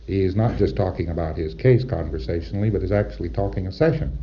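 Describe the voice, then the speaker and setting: A deep-voiced man delivers a lecture, emphatic and rhetorical, often checking in with his audience. The recording is dull and lo-fi, like a 1960s lecture tape. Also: fast talker, slight background noise.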